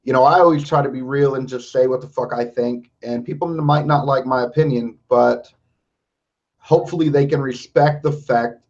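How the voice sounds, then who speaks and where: A man with a medium-pitched voice hosts a podcast, chatting casually at a moderate pace with fairly even intonation. He's blunt and swears constantly, and the lo-fi recording sounds dull.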